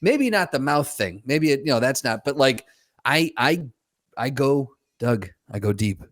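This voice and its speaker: A man's voice: mid-range voice, very animated, measured pace, no echo, studio quality. Hesitant man in casual chat. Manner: conversational, with hesitant restarts. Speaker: podcast co-host.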